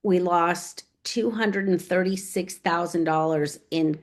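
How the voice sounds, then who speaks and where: Animated woman telling her own story. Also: on the low side, slow. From United States. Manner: animated, acts out remembered dialogue. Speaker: guest author and real estate agent. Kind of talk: casual interview storytelling.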